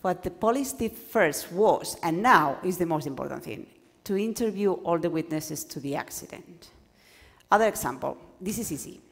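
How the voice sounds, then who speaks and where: A woman whose first language is Spanish gives a lively workshop lecture to doctoral students, acting out examples and often restarting her sentences. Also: lowish voice, moderate pace, gravelly. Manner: animated, acts out examples, stumbles and restarts. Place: lecture hall. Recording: lecture hall with long reverb.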